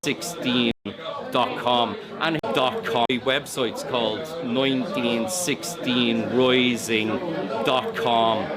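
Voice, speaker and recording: An Irish man, a walking tour guide, chatting with hesitations on a live broadcast in a pub. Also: medium pitch. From Ireland. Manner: rambling, hesitant, self-promoting. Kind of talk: casual chat on a live broadcast. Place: busy pub. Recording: crowd noise from a busy pub.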